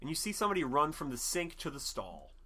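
A man's voice: a little high, big pitch swings, fast, sharp tone, slightly rough. A man co-hosting a casual movie podcast, rambling and profane, breaking into jokey voices for the characters. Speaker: podcast co-host. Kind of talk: casual chat reviewing a movie.

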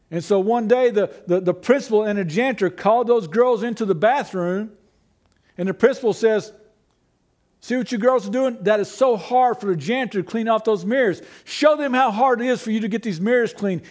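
A man's voice: sits high, darkish tone. A man preaching a sermon as pastor, conversational, asking rhetorical questions and teasing the congregation.

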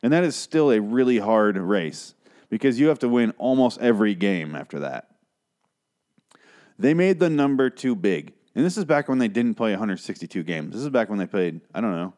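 A man's voice: on the low side, big pitch swings, moderate pace, darkish tone. Rambling, exasperated guy ranting. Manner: exasperated, profane, rambling with frequent asides. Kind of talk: casual rant about an old TV episode.

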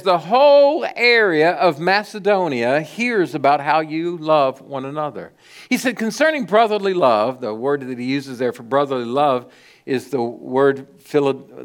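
A middle-aged man preaching a sermon as pastor, telling stories and stressing key words with sudden lifts and soft drops. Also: mid-range voice. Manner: storytelling preacher with emphatic rises and soft drops.

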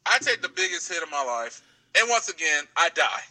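A man telling a story in a casual podcast chat, animated and swearing freely. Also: on the high side, brisk, poor audio.

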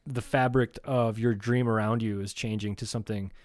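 A man's voice: fairly low pitch, steady tone, normal speed, no echo. Easygoing man, dry podcast mic. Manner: easygoing, reflective, swears casually. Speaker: podcast co-host. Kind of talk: casual comedy podcast chat.

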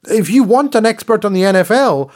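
Male podcast co-host, higher register, casual ranting chat. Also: animated, brisk. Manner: ranting, repeats words when worked up.

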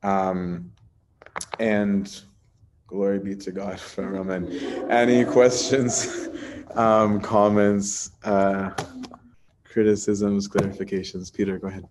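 A man's voice: lowish voice, slow, noisy background. A man teaching a Bible study in a casual, chatty way, often asking "right?" and using plenty of fillers.

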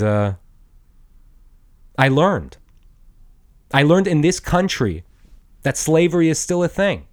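A young man ranting bluntly and profanely in a rambling monologue, restarting his sentences as he goes. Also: on the high side. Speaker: podcast host. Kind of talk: angry rant monologue.

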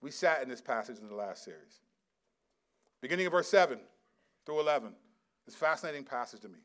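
A middle-aged male pastor giving a sermon, swinging from quiet, low asides to loud, emphatic scripture reading. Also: animated, quick pace. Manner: reads scripture aloud with rising intensity.

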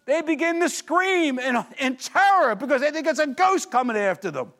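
A man preaching a sermon, telling the story vividly, swinging between lively emphasis and hushed, intense moments and asking the listeners questions. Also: very high voice, moderate pace. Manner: animated storytelling with sudden drops to quiet intensity. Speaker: pastor.

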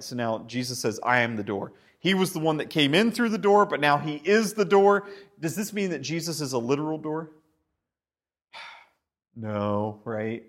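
A man preaching a sermon with animated delivery, stumbling over repeated words and often asking "right?". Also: on the high side. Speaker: pastor.

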